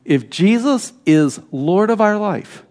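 A man delivering a Sunday sermon in church, his voice sitting a little high and swinging widely as he presses each point. He preaches with emphatic energy, then slips into soft, confiding asides. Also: takes it slowly. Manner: animated, emphatic preaching with sudden drops to quiet asides. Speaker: pastor.

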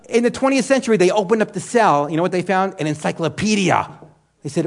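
This male Bible teacher talks through a sermon like a conversation, quizzing the room and supplying his own answers, with lots of "you know" and restarted sentences. His voice sits high and his pace is quick.

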